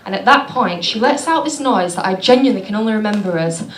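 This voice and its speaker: A woman doing stand-up, telling stories in a deadpan, self-mocking way. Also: mid-range voice, fast talker. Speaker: stand-up comedian. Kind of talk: stand-up comedy. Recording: echoey venue with clear background noise.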